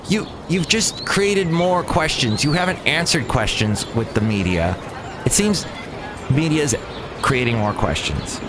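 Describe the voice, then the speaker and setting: A man hosting a rambling solo podcast, with a voice that swoops up and down as he talks. He sounds animated and exasperated and keeps going off on tangents, recording outdoors near a cafe. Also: medium pitch, background noise. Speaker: podcast host.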